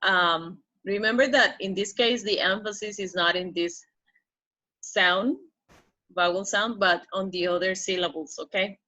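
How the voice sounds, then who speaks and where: A woman teaching pronunciation in a slow, careful pace, her voice bright and clear. She stretches out each model word and keeps checking in with her listeners. The recording sounds a little dull and lo-fi. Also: medium pitch, steady tone. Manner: drawn-out model words, checks in with "okay?".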